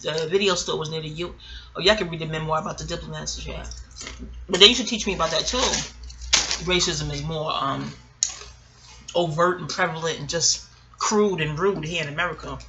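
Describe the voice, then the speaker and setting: With a low-pitched voice, brisk delivery and long pauses, a middle-aged woman from New York recounts her own memoir story to camera in her New York accent. Her casual telling is rambling, candid and full of swearing and chuckles, over a muffled recording with background noise.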